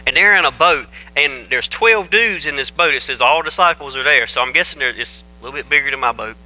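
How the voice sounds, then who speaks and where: Bright folksy preacher man. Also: mid-range voice, expressive, a little fast, rough recording. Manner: folksy, joking, conversational storytelling. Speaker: pastor. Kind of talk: casual folksy sermon. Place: church sanctuary. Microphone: microphone.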